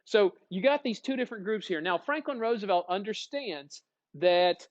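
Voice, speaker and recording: A lively male history teacher lecturing his class, his voice sitting fairly high for a man. He keeps throwing questions at the students as he goes. The recording is dull and lo-fi. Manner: energetic, asks questions to the class.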